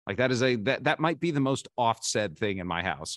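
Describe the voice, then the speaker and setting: A man's voice: mid-range voice, animated, brisk, dry recording, studio quality. A man in his forties, a podcast guest, telling candid, self-deprecating stories and often restarting his sentences. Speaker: podcast guest, baseball insider. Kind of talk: casual interview storytelling.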